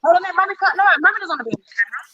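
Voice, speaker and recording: A woman's voice: very high voice, lively intonation, racing, bright, forceful tone, muffled recording. A woman, the child's mother, prompts and encourages him off camera.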